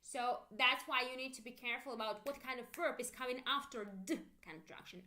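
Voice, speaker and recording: Bright Russian-accented woman teaching English. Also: a little high. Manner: drills phrases slowly for learners to repeat; explains at length with restarts. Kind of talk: live-streamed English lesson.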